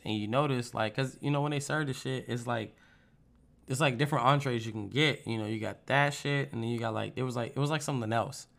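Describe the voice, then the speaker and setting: Gravelly, bright-voiced man telling stories. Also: medium pitch. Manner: animated, profane storytelling with lively put-on quotes. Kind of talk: casual storytelling chat.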